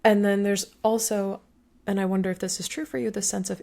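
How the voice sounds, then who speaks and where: A woman's voice: mid-range voice, flat delivery, brisk, creaky, warm tone. A woman hosting a podcast, speaking thoughtfully and building her point in repeated phrases. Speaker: podcast host. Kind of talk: reflective interview conversation.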